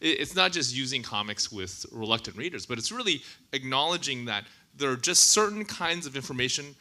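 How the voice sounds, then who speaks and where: A man's voice: mid-range voice, animated, brisk, pushed and bright. A man on a conference panel, earnestly making an argument, with a few fillers and restarts.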